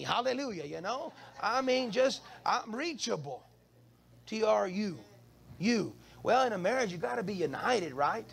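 Male pastor, sermon, high gravelly voice, call-and-response, repeats himself, church.

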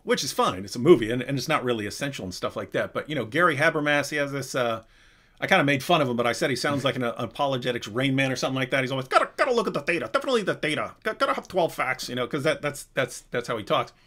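A male host chatting on a live Q&A stream. His voice is bright and forceful, sitting at a middle pitch for a man. He talks animatedly, restarting sentences and tossing in asides. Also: brisk. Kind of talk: casual live Q&A chat.

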